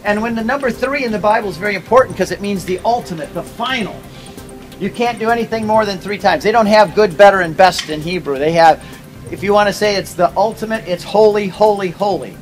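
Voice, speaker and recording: A man giving a casual Bible talk to a tour group, telling stories with quick asides and jokes. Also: sits high, soft background music, rough recording. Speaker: pilgrimage tour teacher.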